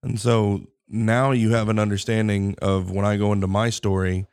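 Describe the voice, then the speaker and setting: A man's voice: fairly low pitch, level tone, moderate pace, darkish tone, clean tone. A man hosting a podcast, explaining things casually and restarting his sentences often. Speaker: podcast host. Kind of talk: casual chat.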